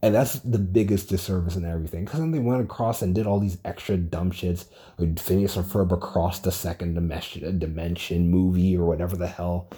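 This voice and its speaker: A young man talking alone on a casual podcast, rambling and excitable, swearing a lot as he retells a story. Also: low-pitched, a little fast, few pauses, husky. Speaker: podcast host. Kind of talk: casual solo podcast monologue.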